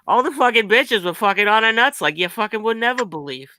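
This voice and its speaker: Man doing a Boston tough guy, put-on Boston accent, foul-mouthed, rambling, bright tone, dry. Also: sits high, animated, fast, dry recording, poor audio. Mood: boasting. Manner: rambling, swearing in nearly every phrase. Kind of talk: improvised comedy bit on a live web show.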